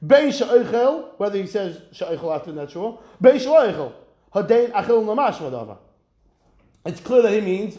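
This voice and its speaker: A man teaches a Talmud class with a lively, high voice that leaps up and down as he chants the text. He slips Aramaic and Hebrew phrases into his English. The room around him is echoey. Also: a little fast. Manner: animated, mixes Aramaic and Hebrew terms into English, sing-song quoting. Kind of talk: animated Talmud class lecture.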